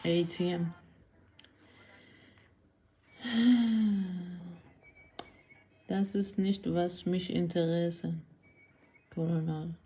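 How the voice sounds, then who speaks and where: A woman's voice: fairly low pitch, fairly even intonation, takes it slowly, long pauses, warm tone. A woman live streamer chatting casually with viewers, blunt and scolding, answering comments and switching between languages.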